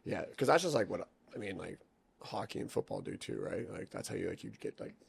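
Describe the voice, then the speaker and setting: A man's voice: on the low side, animated, fairly quick, gravelly, slightly rough. A young man chatting on a podcast, telling rambling stories full of swearing and filler words. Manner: rambling storytelling, heavy swearing, lots of "like". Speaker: podcast guest, jiu-jitsu athlete. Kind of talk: casual podcast chat.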